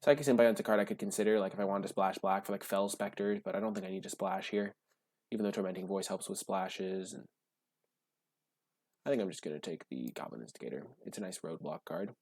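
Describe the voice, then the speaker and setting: A man giving casual gameplay commentary while drafting cards, gushing and breaking into high excited shouts. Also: fast, dry recording. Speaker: card game drafting streamer.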